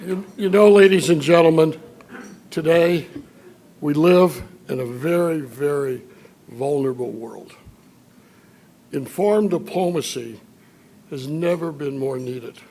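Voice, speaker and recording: An older man from Chicago giving an after-dinner speech, telling anecdotes with dry humor and filler pauses. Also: fairly high pitch, dark tone, slight background noise. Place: banquet hall at a dinner event.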